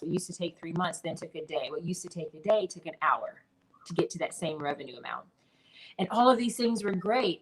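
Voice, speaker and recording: A middle-aged woman, a business mentor, telling her personal story in an interview in an earnest, animated way. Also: lowish voice, poor audio.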